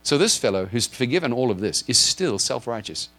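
A pastor preaches a sermon to his congregation in a mid-range voice with big pitch swings, a sharp tone, and a slightly fast pace. He explains earnestly using a drawn board, asks listeners direct questions, and checks whether they follow.

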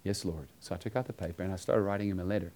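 A man's voice: low voice, fairly even intonation, very fast, mellow. Man preaching an earnest story sermon. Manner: earnest storytelling, quoting dialogue.

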